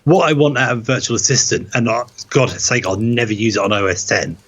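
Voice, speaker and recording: A man's voice: mid-range voice, fast, a bit bright, breathy edge. A man with a Norfolk accent co-hosting a tech podcast, talking through his opinions in a loose, rambling casual chat. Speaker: podcast co-host.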